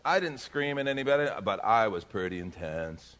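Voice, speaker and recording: A man, a pastor, telling a lively personal story during a sermon and acting out the dialogue. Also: fairly low pitch, normal speed, few pauses. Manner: animated, acts out dialogue in the story. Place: church.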